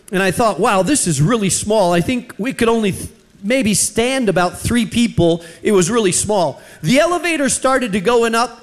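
A man preaching a sermon, telling a personal story and slowing down for emphasis. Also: high voice. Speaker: pastor.

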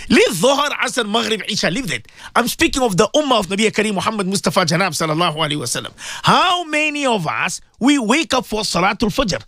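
A man's voice: high voice, a bit bright, dry recording, studio quality. A man presenting a radio advice show and delivering an impassioned sermon, full of repeated rhetorical questions. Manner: fervent, repetitive, rhetorical questions.

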